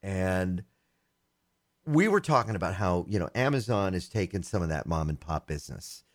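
A chatty male tech podcast co-host whose pitch swings up and down as he talks. He teases his partner and laughs easily. The sound is close and dry, with no room around it. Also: very animated, moderate pace, no echo. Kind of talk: casual podcast chat.

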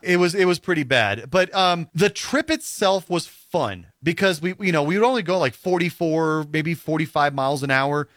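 A man's voice: on the high side, animated, normal speed, hardly any pauses, a bit bright, dry recording, studio quality. A man telling a long story in casual conversation, rambling with many fillers and acting out what other people said. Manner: rambling, full of "you know" and "like" fillers.

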